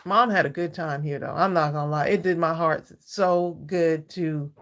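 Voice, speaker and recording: A woman's voice: low voice, steady tone, moderate pace, fairly bright tone. A woman in her sixties hosting a live craft stream, chatting heartfelt with viewers, greeting them by name and laughing often. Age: 60s. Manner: laughs often between thoughts. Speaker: livestream craft channel host.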